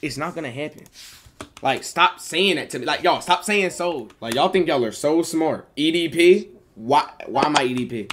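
A man's voice: fairly high pitch, lively intonation, moderate pace, fairly bright tone, slight background noise. A man streaming on a video chat app, chatting in a joking, slangy, profane way. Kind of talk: casual chat.

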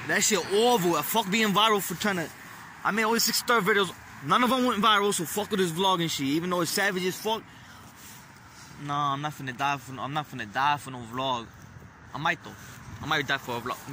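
A young man vlogging on a phone outdoors at a bus stop, boastful and profane in a loud, swaggering way. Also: sits high. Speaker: vlogger and rapper. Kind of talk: casual street vlog, partly rapped. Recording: outdoor phone recording with traffic noise. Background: street traffic.

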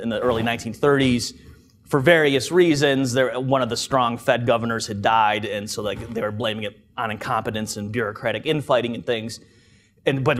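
Man, economist at a conference, casual lecture, dry jokes, chatty delivery. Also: medium pitch. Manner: wry, joking, conversational. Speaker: economist giving a conference talk. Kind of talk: informal lecture to a live audience. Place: conference room.

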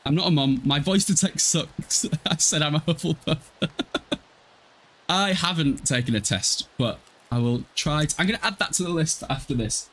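A man's voice: on the high side, normal speed, fairly bright tone. A man from Hull chatting casually with his viewers while streaming a game, laughing often and swearing freely. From Hull, East Yorkshire, England. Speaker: gaming livestreamer. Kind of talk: casual gameplay livestream chat.

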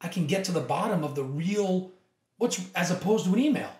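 Male podcast guest, persuasive and emphatic, slightly higher voice, roomy echo. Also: lively intonation, brisk, a little mellow, far from the mic. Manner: emphatic, persuasive, acts out quoted dialogue. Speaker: podcast guest, company co-founder. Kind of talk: energetic conversational interview.

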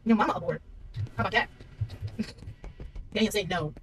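A woman's voice: mid-range voice, moderate pace, faint music behind. A woman giving casual, chatty commentary while streaming a horror shooter, talking back to the game and her friends.

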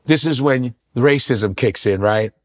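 A man's voice: mid-range voice, measured pace. A middle-aged male comedian telling a profane, punchy story, acting out the people in it as he goes. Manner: acts out the people in his stories, profane and punchy. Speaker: comedian guest. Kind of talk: animated storytelling.

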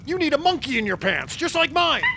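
A man's voice: extremely high pitch, big pitch swings, a little fast, creaky, noisy background, heavily acted. A man playing a mischievous, giggly male tech executive in a comedy sketch.

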